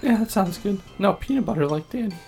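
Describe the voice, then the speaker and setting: A man voicing a nervous, evasive middle-aged male cafe owner in a tabletop game, hoarse and stammering. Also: sits high, lively intonation, fast, over music, pitched above the performer's own voice. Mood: flustered. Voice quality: strained, hoarse put-on voice. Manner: hesitant, stammering.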